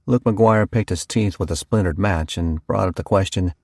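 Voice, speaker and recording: A man's voice: deep voice, moderate pace, gravelly, a little mellow, no room sound, studio quality. A man narrating a first-person horror audiobook in a folksy storytelling manner.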